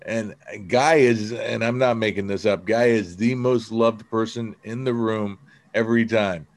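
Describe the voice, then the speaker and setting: A man's voice: fairly low pitch, fairly even intonation, measured pace. Man telling stories on a casual podcast. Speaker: podcast co-host. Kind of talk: casual recovery-group chat.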